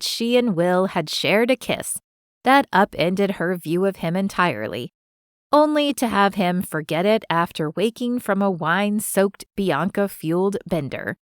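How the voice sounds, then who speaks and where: A woman narrating a romance audiobook in a measured, even storytelling manner. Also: mid-range voice, no echo, studio quality. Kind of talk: scripted narration.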